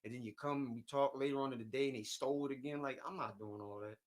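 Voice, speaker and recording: A man's voice: medium pitch, fairly even intonation, quick pace. A man hosting a casual livestream, rambling and venting, often repeating himself and reading viewer comments aloud. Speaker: livestream host.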